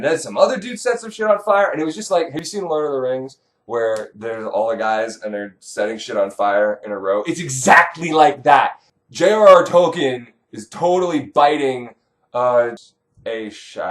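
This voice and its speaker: Male comic narrator; animated, irreverent, rambling delivery. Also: medium pitch. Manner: profane, sarcastic, rambling. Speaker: comedic myth narrator.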